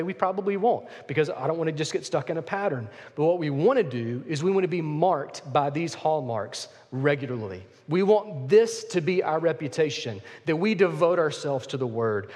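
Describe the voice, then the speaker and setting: Pastor guy preaching, kinda high voice, repeats his points, big echoey church. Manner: emphatic preaching, repeats key phrases. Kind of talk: sermon. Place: church sanctuary. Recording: long hall reverb.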